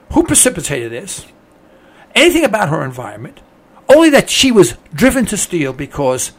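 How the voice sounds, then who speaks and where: A man's voice: on the high side, fairly bright tone, slightly rough. A man hosting a talk show, delivering an indignant, opinionated monologue with lots of repetition and rhetorical questions. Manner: indignant, ranting, repeats himself. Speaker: radio talk host.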